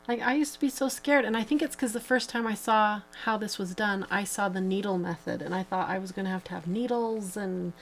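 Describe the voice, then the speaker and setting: A woman hosts a live craft tutorial, talking in a relaxed, chatty way as she walks through each step. Her voice has a gravelly, creaky edge and sits at a middling pitch, and she leans on plenty of fillers. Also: a little fast, few pauses, a little hiss or hum, poor audio. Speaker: host.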